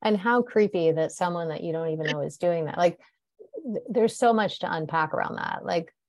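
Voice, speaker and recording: Low-voiced woman hosting a podcast. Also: normal speed, a little mellow, no echo. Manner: emphatic, tag questions like "right?". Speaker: podcast host. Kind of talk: conversational podcast chat.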